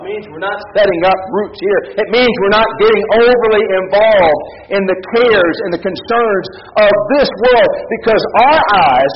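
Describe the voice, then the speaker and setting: A male pastor preaching a sermon, with a repetitive, impassioned cadence that swings between emphatic peaks and hushed drops. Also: high voice, dull audio, slight background noise.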